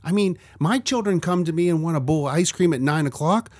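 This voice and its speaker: A man's voice: on the high side, fairly quick, darkish tone, dry recording, clean studio sound. A middle-aged man in a casual faith conversation, speaking earnestly and reflectively, often telling stories.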